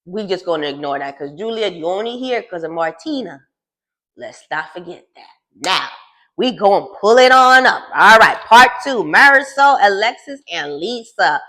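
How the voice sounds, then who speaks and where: A woman's voice: mid-range voice, expressive, moderate pace, sharp tone. A woman recapping a reality show in a casual gossip style, sassy and teasing as she talks straight to the cast.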